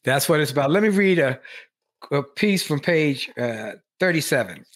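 A man hosts an interview and reads a passage aloud from a book. His voice sits a little high, and his pitch moves a lot as he reads. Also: expressive, normal speed, a bit bright. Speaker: interview host. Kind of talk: interview conversation.

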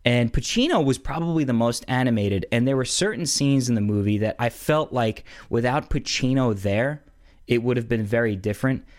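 A man casually rambling about movies, with lots of fillers and slang. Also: medium pitch. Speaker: movie reviewer. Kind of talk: casual chat.

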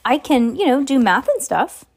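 A woman's voice: high voice, big pitch swings, moderate pace, pitched above the performer's own voice, full character voice. Harry, a bewildered young boy, read by a woman. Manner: raised, eager questioning voice.

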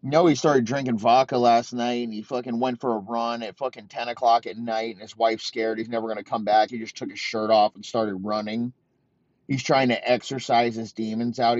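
A man in his thirties delivering a heated, profane comedic rant, talking in rapid-fire bursts. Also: mid-range voice, little pitch movement, darkish tone, no echo, dull audio. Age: 30s.

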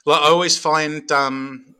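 Bright-voiced wry man chatting. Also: on the high side, steady tone, unhurried, smooth. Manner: wry, jokey, laughs often. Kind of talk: casual chat about games.

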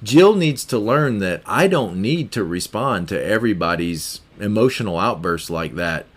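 A man's voice: on the low side, expressive, normal speed. A man hosting a podcast, giving a motivational self-help talk in a repetitive, emphatic way and acting out example scenarios. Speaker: podcast host.

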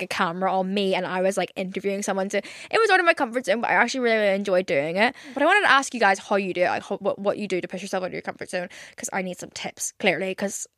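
A woman's voice: mid-range voice, fairly bright tone, no room sound, studio quality. A young woman hosting her own podcast, chatting casually and rambling with lots of swearing and fillers. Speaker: podcast host. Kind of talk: casual solo podcast chat.

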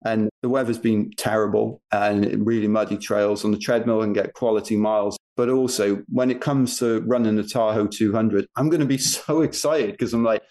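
A man's voice: fairly low pitch, fairly even intonation, moderate pace, hardly any pauses, darkish tone. A man with a British accent from England, chatting as a guest on a podcast and telling his stories with easy laughs and self-mockery. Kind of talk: casual podcast interview. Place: home garage gym.

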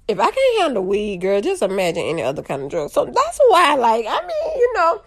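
Animated woman telling a story. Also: a little high, brisk. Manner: animated, drawling, addresses audience as y'all. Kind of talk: casual storytelling to viewers.

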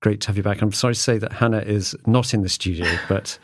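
A man's voice: fairly low pitch, steady tone, quick pace, no room sound. A man hosting a studio podcast in casual chat, jokey and rambling, often restarting sentences. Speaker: podcast host.

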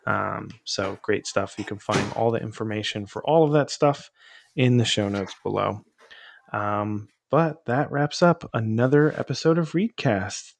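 Man, podcast host, low-ish voice, relaxed, dry close mic. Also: unhurried, gravelly, no echo. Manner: relaxed, chuckling, lots of fillers. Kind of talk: casual podcast chat.

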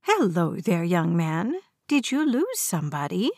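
A woman voicing a calm, confident white-haired old woman who speaks in a gentle, friendly way. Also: fairly low pitch, unhurried, no room sound, studio quality, heavily acted.

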